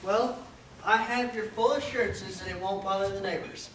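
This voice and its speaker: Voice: medium pitch, normal speed, fairly bright tone, slight background noise, natural voice. Actor playing a mild town cop, mid voice, roomy far-off stage sound. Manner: courteous, mild, plain-spoken. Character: polite small-town police officer. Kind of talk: amateur stage play. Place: stage in a hall. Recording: roomy hall from a distance.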